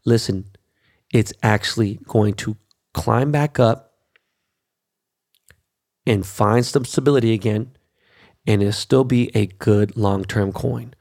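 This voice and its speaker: A man's voice: lowish voice, takes it slowly, gravelly, pauses often, darkish tone. A brash young man hosting a show, cursing constantly through a ranting monologue. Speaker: show host.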